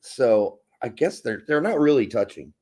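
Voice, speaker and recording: A man co-hosting a casual podcast, ranting in a crude, animated way and swearing freely. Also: mid-range voice, moderate pace. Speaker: podcast co-host.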